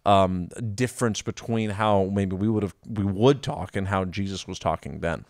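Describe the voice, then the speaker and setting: A man co-hosting a casual Bible discussion podcast, reading scripture aloud and then explaining it haltingly with many pauses and restarts. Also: deep voice, gravelly, a little mellow, no echo, clean studio sound. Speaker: podcast co-host.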